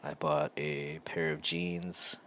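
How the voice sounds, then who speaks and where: A man hosting his own show, telling a personal story in a slow, halting and reflective way with frequent pauses. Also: a bass voice, little pitch movement, a bit bright. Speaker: podcast host.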